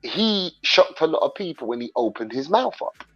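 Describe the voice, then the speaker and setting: Brief: London-accented man with patois edge, livestream host, rambling chat, slightly high voice, dull audio, faint music under. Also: very animated, moderate pace, a bit bright. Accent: London English mixed with Jamaican patois. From England. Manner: rambling, talks straight to viewers.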